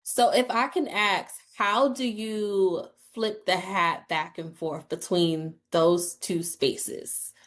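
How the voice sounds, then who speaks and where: A woman hosts a podcast interview at a very slow, deliberate pace. She affirms her guest and asks unhurried, curious questions. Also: mid-range voice, fairly even intonation, a bit bright. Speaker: podcast host.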